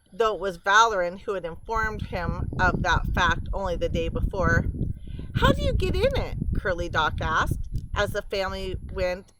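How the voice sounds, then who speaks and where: A woman reads a children's chapter book aloud slowly and gently. Her voice rises and falls a lot, and she stops now and then to explain words and pictures. A faint hiss sits behind her. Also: medium pitch. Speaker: storyteller reading aloud to children.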